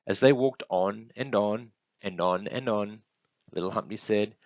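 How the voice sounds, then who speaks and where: A man reading a picture book aloud, his low, gravelly voice rising and falling in a lively, sing-song way. The sound is dull and close, with no room echo. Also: unhurried. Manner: expressive, sing-song storytelling. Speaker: storybook reader. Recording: dull, dry close recording.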